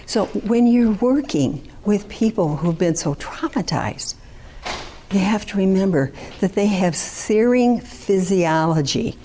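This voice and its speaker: A woman's voice: low voice, mellow. An older woman, a therapist, giving a candid talk to an audience and mixing in personal asides. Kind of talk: lecture to an audience.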